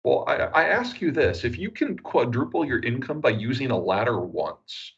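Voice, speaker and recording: A man with an American accent, a geopolitical analyst giving measured, analytical interview answers with frequent "uh" fillers. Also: mid-range voice, big pitch swings, creaky, breathy edge, dull audio.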